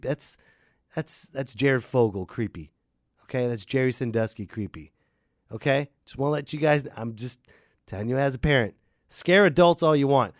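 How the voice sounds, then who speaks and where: A man hosting a comedic rant, swinging between loud outbursts and muttered asides. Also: on the high side, no echo, studio quality. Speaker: podcast host.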